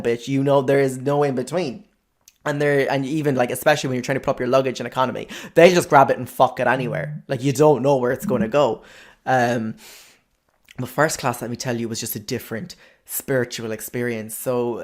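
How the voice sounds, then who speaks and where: A man, a podcast host telling a comic story in an exaggerated, sweary, animated way. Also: mid-range voice.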